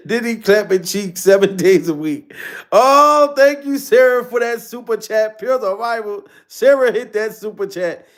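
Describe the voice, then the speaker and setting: A man's voice: sits high, unhurried. A man hosting a casual livestream, chatting with viewers in slangy talk and laughing often. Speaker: livestream host reading chat.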